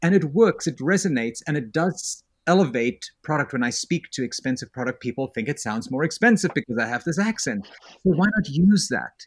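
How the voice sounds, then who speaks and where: A man's voice: mid-range voice, expressive, a little fast, husky. A man with a South African accent, a real estate agent answering interview questions in an earnest, reflective way.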